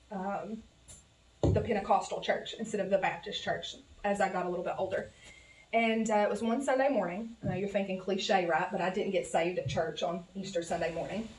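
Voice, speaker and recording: A woman's voice: mid-range voice, a little mellow. A woman preaching a heartfelt, folksy sermon as a guest preacher, sincere and openly emotional. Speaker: guest preacher, pastor's wife. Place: church sanctuary. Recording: echoey church, distant mic.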